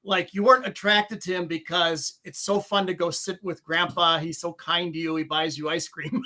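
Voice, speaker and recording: A man with a high, bright voice, a guest in a casual chat. He tells animated stories and breaks into laughter often. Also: moderate pace, slight background noise. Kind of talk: casual conversation.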